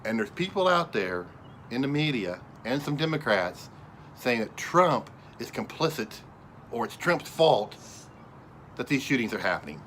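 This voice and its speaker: A man's voice: medium pitch, big pitch swings, unhurried, a bit bright, slight background noise. A man delivering an angry, combative political rant, speaking directly to his viewers and often raising his voice. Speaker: political commentator. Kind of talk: ranting monologue to camera.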